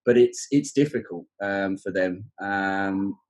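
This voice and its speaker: This man speaks slowly in a low, slightly mellow voice. He's an exam teacher from southern England with a London accent, a guest chatting casually on a podcast about teaching exams, with plenty of fillers and restarts.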